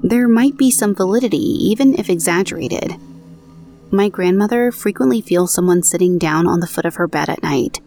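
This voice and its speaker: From her recording booth, a woman podcast host reads listener ghost stories aloud in a warm, mid-range voice at a moderate pace. She adds her own conversational, self-deprecating comments along the way.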